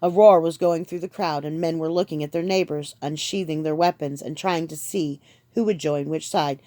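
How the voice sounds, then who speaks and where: A woman reading an audiobook in measured, scripted narration. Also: on the low side, a little mellow, dry recording. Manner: measured storytelling.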